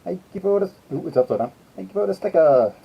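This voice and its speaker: A man's voice: high-pitched, lively intonation, fast talker, vocal fry, slightly rough. A man hosting a casual live stream, chatting and greeting his viewers one by one. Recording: slightly dull lo-fi sound.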